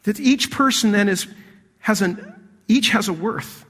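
Animated pastor guy preaching, gets loud then hushed, bright tone, big hall echo. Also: high voice, measured pace. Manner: animated, swings between loud emphasis and hushed intensity. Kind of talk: sermon.

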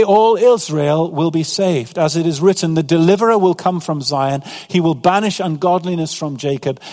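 Higher-voiced male preacher in a reverberant hall. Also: a little mellow. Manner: earnest preaching, reading scripture aloud. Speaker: pastor. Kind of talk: sermon.

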